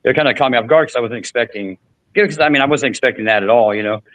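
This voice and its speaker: A man's voice: medium pitch, rapid-fire, fairly bright tone, no echo, poor audio. A man hosting a podcast, telling a long story in casual chat with frequent restarts and fillers. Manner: rambling, many restarts and fillers. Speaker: podcast host.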